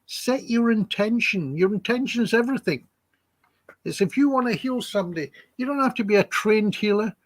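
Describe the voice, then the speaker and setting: Husky man telling stories. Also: high-pitched, a little fast, dry recording. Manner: chatty, acts out quoted dialogue, chuckles between stories. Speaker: psychic healer guest. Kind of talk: anecdotal storytelling in an interview.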